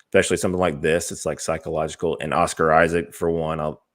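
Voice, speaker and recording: A man co-hosting a podcast, chatting casually about movie trailers with a relaxed, hesitant delivery full of fillers. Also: very deep voice, fast talker. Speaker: podcast co-host.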